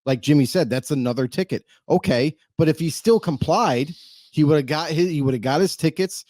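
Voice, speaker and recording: A calm man co-hosting a casual panel talk show, explaining his points patiently in a slightly higher voice. The room around him sounds dry. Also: a little fast, no echo. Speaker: podcast co-host.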